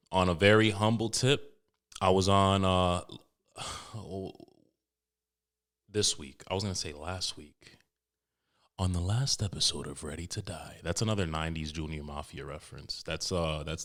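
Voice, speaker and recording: A man's voice: sits low, a bit bright. A man hosting his own podcast solo, talking in a candid, rambling, joking way with plenty of profanity. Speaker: podcast host. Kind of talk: casual solo podcast talk.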